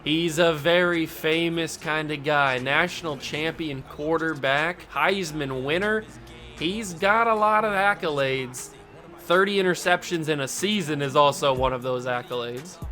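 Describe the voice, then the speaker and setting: A bright, high-voiced man calling his own football video game as it plays. He is animated and jokey, and he breaks into mock outrage, with faint music behind him. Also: measured pace. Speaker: gaming YouTuber host. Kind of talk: live gameplay commentary.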